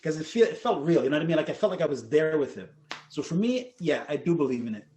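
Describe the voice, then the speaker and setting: Guy spinning a spooky story on a podcast, kinda high voice, acts out everyone he quotes. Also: fast talker, a little hiss or hum. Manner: animated, acts out quotes, laughs often. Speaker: podcast co-host telling ghost stories. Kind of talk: casual storytelling chat.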